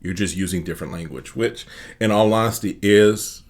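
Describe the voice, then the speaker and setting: A man co-hosting a casual show recap, telling the story in a relaxed way and briefly mimicking the people he describes. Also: low-pitched, normal speed. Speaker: co-host.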